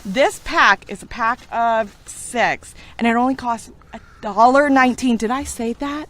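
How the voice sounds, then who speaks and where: A woman's voice: on the high side, measured pace, a bit bright. A woman chatting casually as she reviews camping coffee, often laughing and restarting her sentences. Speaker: vlogger. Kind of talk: casual product review chat.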